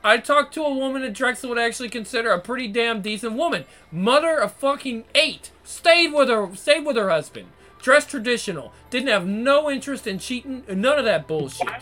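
Over soft background music, a vlogger rants crudely and repetitively to his viewers, exasperated and swearing nonstop. His voice is very high, pushed and bright, brisk with few pauses and lively intonation.

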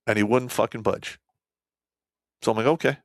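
A man's voice: normal speed, no room sound. Blunt, profane man with a dry close sound. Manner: animated, swings between loud outbursts and low asides. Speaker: army veteran telling a war story. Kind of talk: casual storytelling.

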